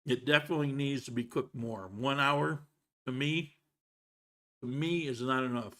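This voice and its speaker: A man's voice: mid-range voice, normal speed, sharp tone. A man hosting a casual livestream from home, chatting in a rambling way and sometimes talking while he eats. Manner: rambling, chatty, with frequent restarts; talks while eating. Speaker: livestream host. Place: home in Colombia.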